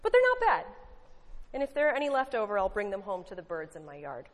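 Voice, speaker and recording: A woman's voice: mid-range voice, very animated, quick pace. Woman preaching in an echoing hall. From United States. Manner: conversational, earnest, wry asides. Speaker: lay preacher. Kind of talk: sermon with storytelling. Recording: long hall reverb.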